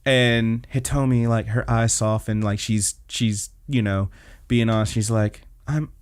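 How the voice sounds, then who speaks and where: A young adult man hosting a casual anime podcast, retelling scenes with lively storytelling. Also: fairly low pitch, unhurried, clean tone. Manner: animated storytelling, acts out scenes. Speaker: podcast host.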